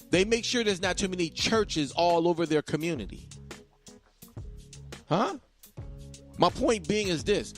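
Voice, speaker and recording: A man hosting a podcast, talking in an emphatic, repetitive monologue and preaching to his listeners. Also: a little high. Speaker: podcast host. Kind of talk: casual monologue.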